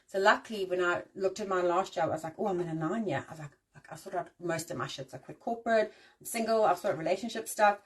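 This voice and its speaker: A woman's voice: lowish voice, fast talker, slightly rough, far from the mic, poor audio. A woman from Africa, hosting a casual live-stream rant and swearing freely. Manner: animated, swears freely, ranting. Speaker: host.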